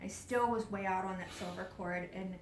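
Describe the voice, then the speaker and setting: A woman tells a personal story to a live audience, acting out the voices of others and dropping to hushed whispers, often laughing as she talks. She is heard from far off in a roomy hall, with a faint rumble underneath. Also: moderate pace. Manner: animated, acts out quoted voices, drops to hushed whispers; laughs often while talking. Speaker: speaker at a spiritual event. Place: event hall. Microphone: distant camera mic. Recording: roomy, distant live event recording.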